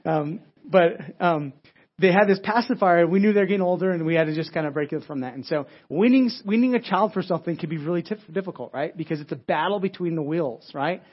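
On dull lo-fi audio, a man preaches as a pastor in a quick, conversational way. His voice runs on the high side, and he often repeats words, restarts phrases, and asks "right?".

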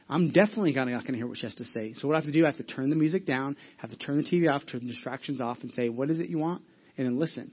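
A man in his thirties preaching a sermon as a pastor, in a conversational way, often repeating words and swinging between loud and soft. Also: a little high, slightly rough, muffled recording.

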